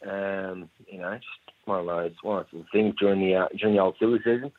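Australian male caller, rambling and a bit tipsy, lower voice, phone-line sound. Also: fairly even intonation, fast, no room sound. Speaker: caller leaving a message. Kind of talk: telling a joke by phone.

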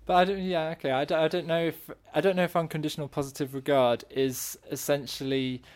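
A man's voice: a little high, flat delivery, brisk. A man in casual podcast chat, thinking aloud and searching for his words. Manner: thoughtful, searching for words, many restarts.

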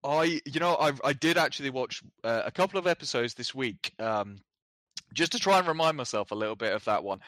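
A man co-hosting a casual chat, relaxed and halting, with many fillers and restarts. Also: medium pitch, no echo. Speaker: podcast co-host.

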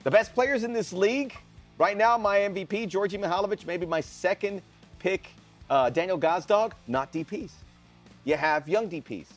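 A man co-hosting a sports podcast, talking in a casual, animated and opinionated way. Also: high voice, moderate pace, soft background music. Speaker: podcast co-host.

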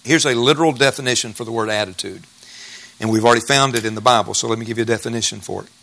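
Middle-aged pastor guy preaching, folksy and emphatic, bright forceful voice. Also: medium pitch, very fast, gravelly. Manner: folksy, emphatic repetition of key phrases. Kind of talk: sermon.

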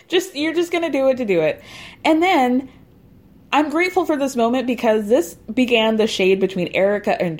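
Sarcastic gossiping woman, slightly high voice. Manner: sarcastic, laughs often, animated asides. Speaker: podcast host recapping a TV reunion. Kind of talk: casual gossipy recap.

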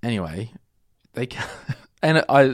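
A man's voice: mid-range voice, very animated, unhurried, no echo, studio quality. A man, co-hosting a podcast and telling a rambling story in casual chat, laughing often. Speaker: podcast co-host.

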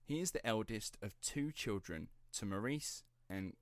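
A young man with a low, dry-sounding voice tells a true-crime story in a loose, chatty way. He rambles, drops in the odd swear word and laughs easily. It sounds like two friends chatting on a podcast. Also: expressive, measured pace, no echo. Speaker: podcast host telling the story.

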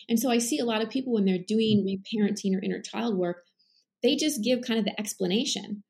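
A woman coach talks through her ideas on a podcast in a conversational interview. Her voice has a noticeable vocal fry, and she explains earnestly, with frequent fillers and restarts. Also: fairly high pitch, a little fast, a little mellow. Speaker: life coach, podcast guest.

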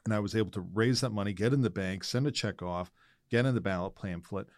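A man hosting an interview, asking questions and explaining his own fundraising experience in a measured way. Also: fairly low pitch, darkish tone, no room sound, studio quality. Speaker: interview host.

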